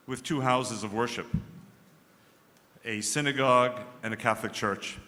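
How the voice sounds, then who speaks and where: A man speaking as a guest at a religious service. He opens his speech with a joke and tells it in a dry, measured way. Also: mid-range voice, bright, forceful tone. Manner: dry storyteller, measured delivery. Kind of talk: formal speech opening with a joke. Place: synagogue sanctuary. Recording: echoey large hall with long reverb.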